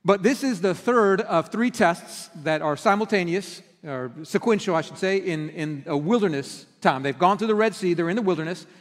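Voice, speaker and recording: Pastor, middle-aged man, chatty storytelling sermon with lively acted-out lines, higher voice, long church reverb. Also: moderate pace, few pauses. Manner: conversational storytelling with animated quoted outbursts. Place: church sanctuary.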